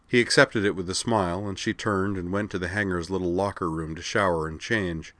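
A man narrates a story in a steady, even audiobook reading. His voice is very deep and low. The recording is dry with no room sound. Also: brisk, no room sound.

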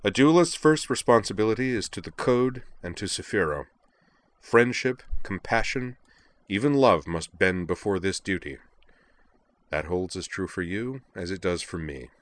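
A man voicing a cool, authoritative young chairman who speaks in a measured, flat way, in a story reading. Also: low voice, no room sound, pitched above the performer's own voice. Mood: cold. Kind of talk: audiobook reading of fan fiction.

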